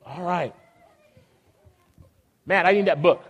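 A man's voice: sits high, takes it slowly, breathy edge, lo-fi sound. A man leading a children's Christmas program on a church stage, upbeat and coaxing, teasing the kids as he goes. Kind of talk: lively emcee talk to children on a stage.

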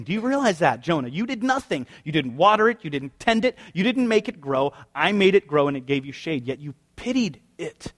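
Wry, talky pastor with a higher voice. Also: male voice, animated, a little fast, hardly any pauses, fairly bright tone. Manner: conversational and wry, full of rhetorical questions. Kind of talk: sermon.

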